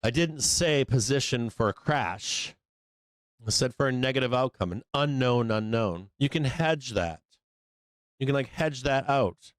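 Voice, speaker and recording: A man's voice: mid-range voice, lively intonation, takes it slowly, no room sound. A man hosting a live stock market show, talking in a blunt, profane, rambling way. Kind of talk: casual market commentary.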